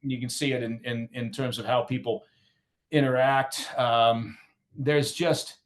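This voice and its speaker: Dry-humored man, mid-pitched and halting. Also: level tone. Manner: dry, sardonic humor with frequent fillers. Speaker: podcast guest. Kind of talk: conversational interview.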